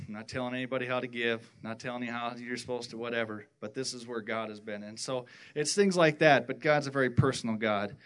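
Guy rambling thru his church testimony, lots of stops and restarts, middle-pitched voice. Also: fairly bright tone, clean tone. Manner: rambling, halting, many restarts. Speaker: church worship team member giving a testimony.

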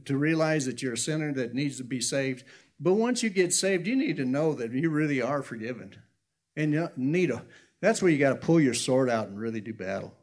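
A man preaching an informal sermon in a conversational way, restarting his sentences and acting out the people he quotes. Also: medium pitch. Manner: conversational, acts out quotes loudly, self-correcting.

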